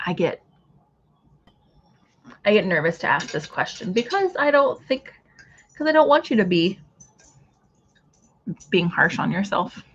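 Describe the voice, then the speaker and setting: A woman hosts a relaxed craft livestream in a middle-pitched voice. She rambles warmly through viewer comments, restarting her thoughts as she goes. The recording is muffled and lo-fi. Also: unhurried, pauses often, a little hiss or hum. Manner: chatty, reads out viewer comments, trails off and restarts. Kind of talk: casual livestream chat with viewers.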